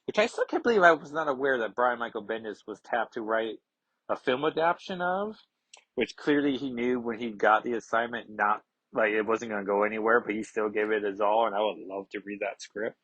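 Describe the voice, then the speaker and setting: A man's voice: on the low side, a little fast, hardly any pauses, fairly bright tone, husky, dry recording, muffled recording. A man casually reading a comic aloud and commenting, chatty, digressive and amused, on a close mic.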